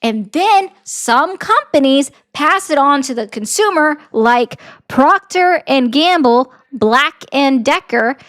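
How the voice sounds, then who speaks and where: A woman political commentator arguing and lecturing, talking fast in bursts. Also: high voice, expressive, fairly bright tone. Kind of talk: argumentative commentary.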